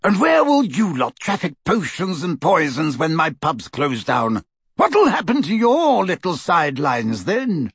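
A man reading an audiobook voices a gruff, scornful old male barman who talks bluntly and sarcastically. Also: a little high, huge pitch swings, unhurried, no room sound, studio quality, pitched above the performer's own voice, heavily acted. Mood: menacing.

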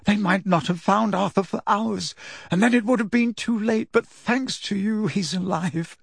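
A man's voice: sits high, moderate pace, vocal fry, breathy edge, no echo, studio quality, voice pushed up, exaggerated voice. A man reading an audiobook, voicing a middle-aged mother who gushes thanks in a muffled, emotional voice. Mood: tearful gratitude. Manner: tearful, gushing thanks.

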